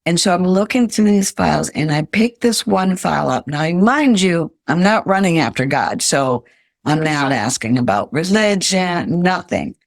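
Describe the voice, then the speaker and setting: A woman's voice: fairly low pitch, animated, moderate pace, creaky, dry recording, clean studio sound. An older woman, a podcast guest, earnestly telling her life story in an interview.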